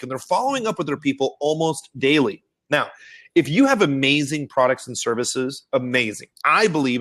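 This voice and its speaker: A man hosting a marketing webinar, telling stories in a lively, animated way and acting out the people he quotes. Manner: animated storyteller, acts out quotes in high excited voices. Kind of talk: casual webinar talk. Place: Austin.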